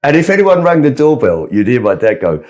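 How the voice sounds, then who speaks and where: A man's voice: mid-range voice, big pitch swings, a little fast, a little mellow. A man, a comedian guest telling funny anecdotes about his childhood and laughing along with his own stories. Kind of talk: anecdotal storytelling.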